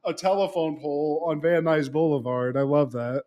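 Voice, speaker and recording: A man co-hosting a podcast, telling a plot story in an animated, profane, casual way. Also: fairly high pitch, moderate pace, muffled recording. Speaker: podcast co-host. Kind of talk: casual podcast chat recapping a show.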